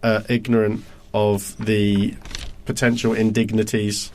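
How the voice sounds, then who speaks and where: A man's voice: fairly low pitch, level tone, measured pace, a little mellow, slight background noise. A man co-hosting a comics podcast, talking casually with jokes and hesitant filler words. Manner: joking, rambling, hesitant with many ums. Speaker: podcast co-host. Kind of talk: casual chat.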